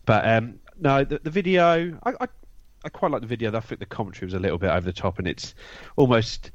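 A man's voice: medium pitch, fast talker, dry recording. A man giving his views on a football podcast, opinionated with stumbling restarts. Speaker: podcast co-host. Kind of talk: casual football podcast chat. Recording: dull, slightly lo-fi sound.

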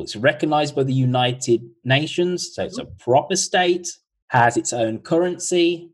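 Male podcast host, husky, mid pitch, casual quiz-master on a video call. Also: poor audio. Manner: chatty, reads questions slowly twice.

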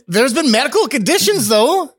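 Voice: high voice, sing-song, unhurried, gravelly, slightly rough. Co-host with short wry quips. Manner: brief reactions and quips. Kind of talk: casual talk-show chat.

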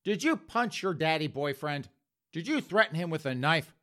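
A blunt, gossipy police officer, put on by a male comedian, chats in a conspiratorial way. The voice rises and dips in an animated manner. It stays bright and forward. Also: fairly high pitch, normal speed. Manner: chatty, conspiratorial.

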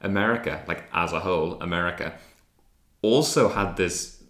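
A man's voice: low voice, moderate pace, a bit bright, echoey room. A man in casual podcast chat, playful and teasing, egging the others on.

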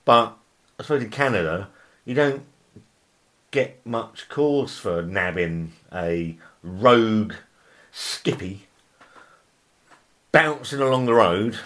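Lively joking man reading odd news. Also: on the low side, slow, pauses often. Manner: reads headlines aloud, breaks off to laugh and riff; stumbles over words and apologises. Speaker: podcast host.

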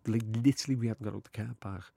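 A man's voice: lowish voice, racing, vocal fry, mellow, no echo. A man with a Liverpool accent, a TV writer as podcast guest, telling a story in casual chat and rambling through lots of "like" and "you know".

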